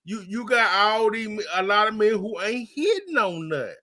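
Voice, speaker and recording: A man's voice: sits high, expressive, moderate pace, sharp tone. A man co-hosting a podcast in casual chat, emphatic and repeating words for emphasis. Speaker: podcast co-host.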